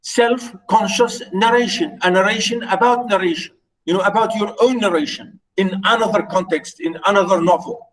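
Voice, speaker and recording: A man whose first language is Arabic lecturing on literature, explaining slowly with repeated words and many fillers. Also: high voice, a bit bright, recorded from a distance, rough recording. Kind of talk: recorded lecture.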